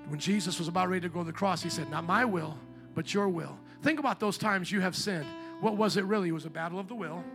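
A man preaching a sermon as pastor, fervent and growing loud and emphatic, slowing right down when he quotes scripture. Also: high voice. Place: church sanctuary. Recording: faint guitar music behind.

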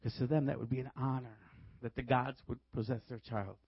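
Man, preacher, animated sermon storytelling, laughs often, dry close sound, dull lo-fi recording. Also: medium pitch, a little fast, breathy edge, no room sound. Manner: lively, laughs often while telling stories.

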